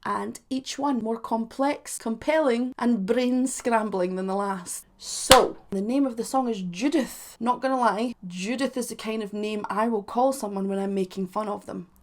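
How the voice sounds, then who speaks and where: Brief: woman music reaction host, playful and self-mocking, animated. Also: on the high side, normal speed, hardly any pauses. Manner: animated, with sudden loud bursts. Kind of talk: casual reaction commentary.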